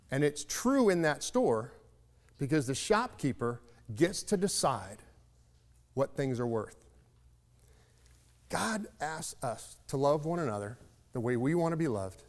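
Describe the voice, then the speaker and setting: A man's voice: mid-range voice, expressive, normal speed, darkish tone, big-room sound. A man giving a sermon, telling a folksy story in a reflective, conversational way. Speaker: preacher.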